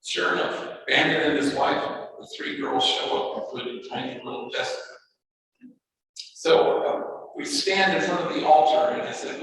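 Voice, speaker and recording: A man's voice: fairly high pitch, steady tone, normal speed, vocal fry, fairly bright tone, a little hiss or hum. A man, a priest giving a talk as guest speaker, telling an earnest story with wry asides and Spanish words. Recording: echoey hall from far off.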